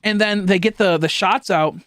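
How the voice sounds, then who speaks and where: A man's voice: high-pitched, moderate pace, fairly bright tone, no echo, studio quality. A young man streaming live, chatting casually and rambling with lots of swearing, fillers and restarts while he thanks viewers.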